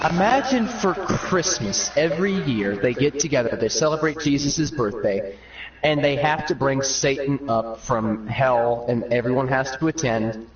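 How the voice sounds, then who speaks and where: A young man streaming, riffing comedically in an animated, rambling way. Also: mid-range voice, unhurried, far from the mic. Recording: muffled, roomy, from off the mic.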